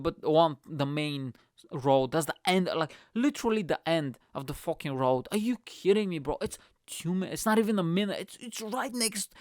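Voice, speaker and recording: A man with a slightly high voice hosts his own comedy podcast, telling a dating story as a casual rant packed with swearing. He curses constantly and tells the story in an animated way. The recording is studio quality with no room sound.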